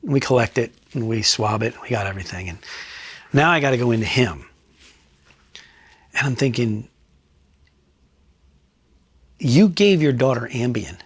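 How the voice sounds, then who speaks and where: In an interview, a middle-aged retired New Jersey state trooper tells a case story bluntly and profanely, dropping low and quiet for emphasis. His male voice is brisk and breathy-edged, with frequent pauses, on a dry recording.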